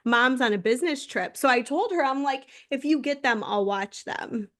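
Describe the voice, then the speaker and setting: A young woman chats as co-host of a casual podcast, her voice sitting a little high. She tells a long story in an animated way. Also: normal speed. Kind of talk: casual chat.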